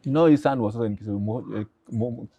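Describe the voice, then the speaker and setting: An older man with a Ugandan accent, a pharmacy professor guest telling stories excitably and acting out the dialogue. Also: mid-range voice, racing, no room sound, highs cut off. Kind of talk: animated storytelling.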